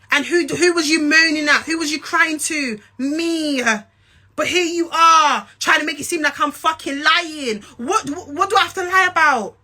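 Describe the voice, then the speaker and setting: A young woman with a London and Essex accent delivers an angry rant straight to camera. Her voice sits high and sounds bright and sharp. She talks bluntly and profanely, confronting her listener and hammering her points home by repeating them. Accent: London and Essex English. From England. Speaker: social media personality.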